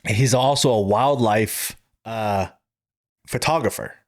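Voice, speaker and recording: This podcast co-host has a fairly low voice and takes his time as he recounts a funny night out in casual conversation. He's animated, laughing as he goes and acting out the quotes. The audio is dry and studio quality.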